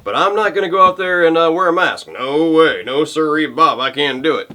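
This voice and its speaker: A man mockingly voicing a stubborn male patriot who refuses to wear a mask, gruff and defiant. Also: on the high side, expressive, fairly quick, bright, forceful tone, slight background noise.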